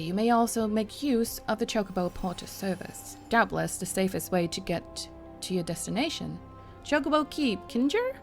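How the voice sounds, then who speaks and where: A woman's voice: mid-range voice, gravelly. A woman reading a formal courtly quest-giver. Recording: game music underneath.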